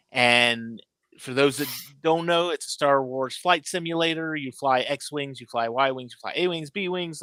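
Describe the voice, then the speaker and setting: Excitable rambling man, dry close sound. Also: medium pitch, no room sound. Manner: animated, rambling storyteller. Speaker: podcast co-host. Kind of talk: casual chat.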